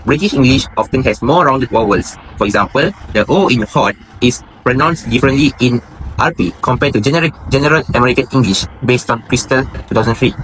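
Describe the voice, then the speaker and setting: A man's voice: medium pitch, brisk, fairly bright tone, slight background noise, rough recording. Man reading a scripted lecture. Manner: reads steadily, citing sources. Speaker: student presenter. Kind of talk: scripted academic narration.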